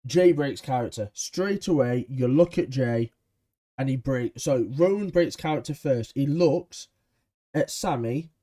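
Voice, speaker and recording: Mellow-voiced man giving an enthusiastic recap. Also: medium pitch. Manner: chatty, enthusiastic, frequent ums. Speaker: wrestling show reviewer. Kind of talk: casual episode recap.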